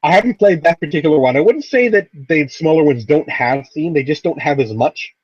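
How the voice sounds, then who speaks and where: Man, guest, husky, easygoing, muffled lo-fi sound, dry. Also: on the high side, brisk, a little mellow, no echo. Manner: easygoing, laughs between points. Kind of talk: casual chat.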